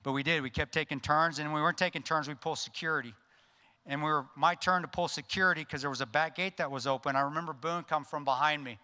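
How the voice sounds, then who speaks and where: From a conference stage, a keynote speaker tells a gripping war story in a bright, forceful voice that sits on the high side. He speaks fast, intense and earnest, sinking to a hush at solemn moments. Each phrase is followed by the long reverb of a large hall.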